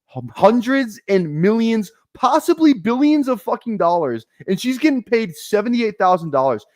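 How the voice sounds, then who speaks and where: In a dry, clean studio recording, a high-pitched man rants angrily at his chat during a fantasy football draft stream. He curses constantly and keeps repeating the same phrases.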